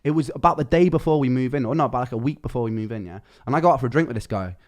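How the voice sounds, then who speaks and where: Young male streamer, rapid chatty storyteller, mid-pitched, swears a lot. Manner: fast, chatty, swears freely, slangy. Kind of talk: casual storytelling chat.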